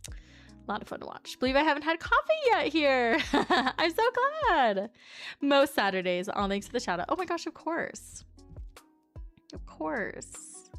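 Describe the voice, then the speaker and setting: A woman live streamer chatting casually with her viewers in a bubbly, chatty way, full of fillers, sometimes dropping to near whispers. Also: fairly high pitch.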